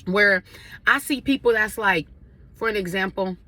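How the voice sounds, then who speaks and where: Casting note: woman, bright and lively, talks straight to camera over a meal, friendly advice-giver. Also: medium pitch, normal speed. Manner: chatty, addresses viewers directly, eating while talking. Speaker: vlogger sharing advice. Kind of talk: casual chat over a meal.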